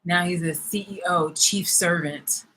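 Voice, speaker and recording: A woman's voice: fairly low pitch, fairly even intonation, measured pace, bright, forceful tone, poor audio. A woman vlogger ranting angrily and sarcastically, swearing hard and breaking into bursts of laughter. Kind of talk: heated vlog rant.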